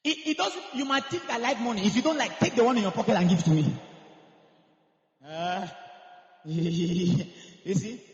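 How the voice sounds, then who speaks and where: A man, preaching a sermon and telling stories, moving from hushed asides to shouted climaxes. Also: high-pitched, moderate pace, long pauses, dull audio. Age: 30s. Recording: echoey hall with long reverb.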